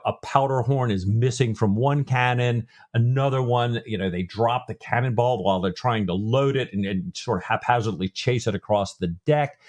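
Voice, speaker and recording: A man co-hosting a book podcast, talking casually with frequent fillers and restarts. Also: medium pitch. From grew up Lutheran, not Norwegian-speaking. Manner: conversational, many fillers and restarts. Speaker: podcast co-host.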